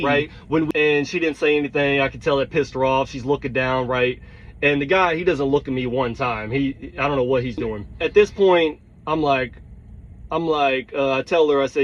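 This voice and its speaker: A man tells a heated, blunt story, his voice sitting a bit higher than most. He swears freely and keeps checking in with his listeners. The recording is dull and lo-fi. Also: moderate pace. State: tired. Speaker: truck driver. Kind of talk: storytelling vlog rant.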